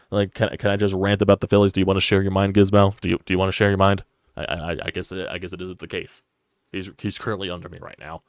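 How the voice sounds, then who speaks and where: A man's voice: deep voice, no echo, studio quality. A young man ranting on a live sports stream, frustrated and profane, repeating himself as he talks.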